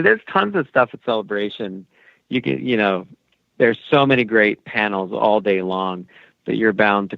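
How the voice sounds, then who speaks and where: A man's voice: lowish voice, vocal fry, no room sound, lo-fi sound. A man being interviewed as an animation producer, rambling and friendly with many fillers. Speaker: animation executive producer, guest. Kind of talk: casual podcast interview.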